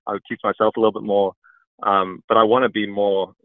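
A man from England calling in to an advice show, soft-spoken and hesitant with lots of ums, over a tinny phone line. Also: fairly low pitch, flat delivery, brisk, no room sound. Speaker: caller. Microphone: phone call.

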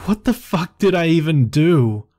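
A man's voice: medium pitch, animated, drawn-out words, a little mellow, husky, no room sound, clean studio sound, voice pushed up, exaggerated voice. A man reading aloud voices a frightened young man who stammers and pleads in a horror story. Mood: panicked. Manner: panicked, stammering.

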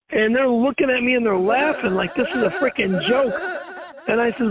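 A man's voice: very high-pitched, moderate pace, a crowd in the background. A man ranting angrily and profanely in a vlog, telling a story outside a courthouse. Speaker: internet show host. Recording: tinny dry phone-like recording.

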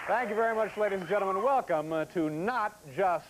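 A man in his forties hosting a late-night talk show, delivering a comedy monologue with wry, deadpan banter in front of a live studio audience. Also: sits high, fairly quick, a loud crowd. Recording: clear studio audience noise.

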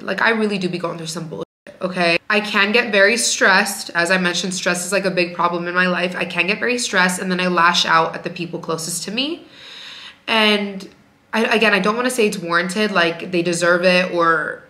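Woman vlogger, working mom, candid and chatty, bright tone, echoey room. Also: medium pitch, a little fast. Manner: frank, chatty, leans on "like" a lot. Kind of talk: candid casual vlog talk.

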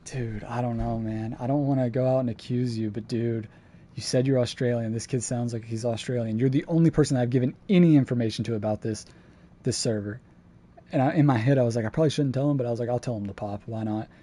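This is casual gaming stream commentary from a man playing a survival game, who curses freely and shifts from laid-back to fed up. He talks fast in a mid-range, warm voice that keeps a steady tone.

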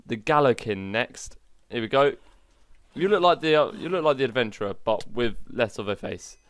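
Gaming host, excitable, self-mocking mod showcase commentary, dry close sound. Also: male voice, medium pitch, normal speed, clear, resonant tone, no room sound.

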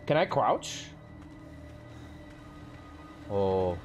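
A man's voice: fairly low pitch, big pitch swings, drawn-out words, soft background music. A male streamer giving live commentary on a horror game, jumpy and swearing a lot while talking to his chat.

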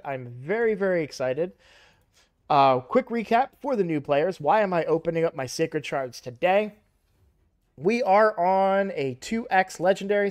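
A young man casually commenting on a mobile game he plays, rambling and correcting himself, louder and livelier when excited. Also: fairly high pitch, clear, resonant tone. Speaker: gaming YouTuber.

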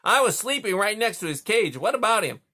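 A blunt, sleepy male beaver out of a storybook, voiced by a man reading aloud. His voice is pitched high and sounds strained, with a gruff, matter-of-fact edge. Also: very animated, a little fast, sharp tone, heavily acted. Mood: gruff, casual.

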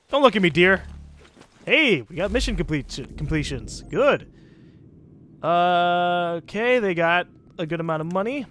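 Give me an excitable high-voiced North American man. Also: a little hiss or hum. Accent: central North American. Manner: casual, excitable, swears freely. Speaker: gaming commentator. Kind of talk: let's play commentary.

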